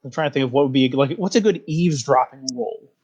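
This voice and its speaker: A man's voice: medium pitch, quick pace, a little mellow, muffled recording. A man running a tabletop game as game master, with a hesitant, filler-heavy way of talking.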